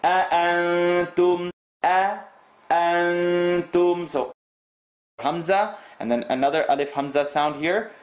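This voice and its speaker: A man teaching Quran recitation rules, reciting verses and repeating sounds slowly to correct students. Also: on the high side, animated, roomy sound. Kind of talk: tajweed lesson with recited demonstrations.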